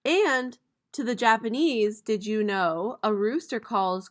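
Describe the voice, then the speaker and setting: A young woman teacher reading a picture book aloud to her students, playfully voicing the animal and object sounds. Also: fairly high pitch. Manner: slow, playful reading with bright, loud animal-sound imitations.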